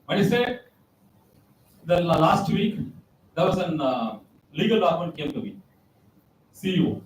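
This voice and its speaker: A man's voice: a little high, sing-song, a little slow, a little hiss or hum. Man speaking in an echoey hall. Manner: anecdotal, repeats key phrases for emphasis. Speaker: guest speaker. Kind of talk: motivational talk to students. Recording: roomy echo, distant mic, faint ambience.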